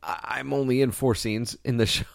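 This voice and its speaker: A man's voice: medium pitch, steady tone, moderate pace, gravelly, dry recording, clean studio sound. A man co-hosting a podcast in casual chat, jokey and now and then breaking into song. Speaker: podcast co-host.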